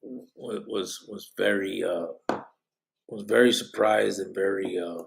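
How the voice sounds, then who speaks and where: A tired man hosts a live stream and talks loosely, dropping bits of Spanish slang as he reads the chat. His voice sits low and gravelly, with a rough fry. The talk is rambling and unhurried. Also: fairly even intonation, noisy background. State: tired, yawning. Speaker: podcast host reading live chat.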